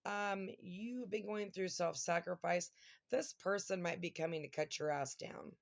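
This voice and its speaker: A woman in middle age talks through a tarot spread in a loose, chatty way. Her voice has a gravelly fry to it. She grows emotional and exclamatory as the cards turn. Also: lowish voice, a little slow. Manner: emotional, exclamatory, near tears at times. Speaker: tarot reader. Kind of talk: casual tarot reading monologue.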